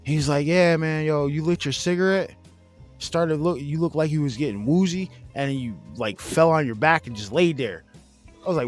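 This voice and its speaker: Faint music plays behind a man in his forties hosting a casual chat, his voice a little high and his speed normal. He spins a rambling, profane story, laughing and acting out what his friends said.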